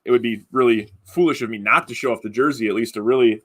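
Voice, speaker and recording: A man hosts a casual live stream over a video call. His voice sits at an ordinary pitch. He talks in loose, rambling bursts, restarting sentences often. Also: fast, fairly bright tone. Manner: rambling, many fillers and restarts. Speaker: podcast host running a giveaway.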